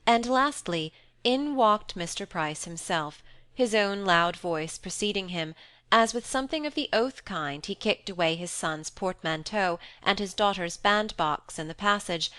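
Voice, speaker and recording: A woman narrating an audiobook in a measured, even storytelling manner. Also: on the low side, smooth, no room sound.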